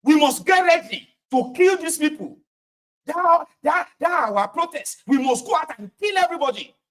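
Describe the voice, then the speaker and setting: A Nigerian man voicing a hot-headed young male online agitator who shouts violent threats. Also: extremely high pitch, expressive, normal speed, voice pushed up. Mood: furious. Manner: shouting, fired-up.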